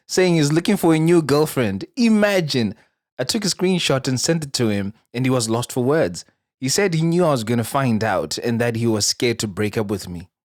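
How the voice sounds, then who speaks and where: A man hosting a casual podcast, reading out a listener's story and breaking in with animated, laughing reactions. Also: mid-range voice, no echo, studio quality.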